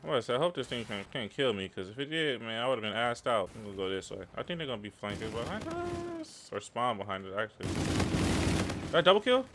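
A young man giving live, slangy, excitable commentary over his own shooter gameplay. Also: fairly low pitch, fast, few pauses, heavy background noise. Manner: excitable, slangy, trash-talking. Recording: game gunfire behind the voice.

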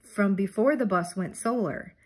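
A woman reading a storybook aloud, voicing a lively, encouraging woman teacher. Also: medium pitch, normal speed, breathy edge, close to an everyday voice. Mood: cheerful. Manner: bright and encouraging.

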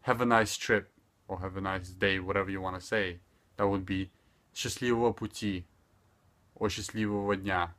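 A young man teaching a casual online language lesson, repeating phrases slowly and deliberately with loose, chatty asides. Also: low-pitched. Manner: slow deliberate repetition of phrases, relaxed filler-heavy asides.

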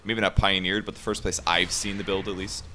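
Esports caster, male, deep and punchy, talks through builds and lifts into fast calls during fights, slight background hiss. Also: level tone, sharp tone. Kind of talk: live esports commentary. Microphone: home setup over an internet voice call.

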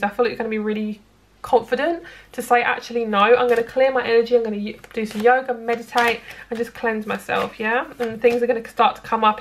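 A woman's voice: on the high side, slight background noise. A woman giving a casual, reassuring tarot reading straight to her viewers. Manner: chatty, reassuring, addresses viewers directly. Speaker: tarot reader.

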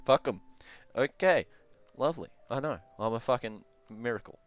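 A man's voice: medium pitch, lively intonation, normal speed, faint music behind. A young man giving casual, rambling game review commentary, swearing often and offhand. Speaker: gaming commentator.

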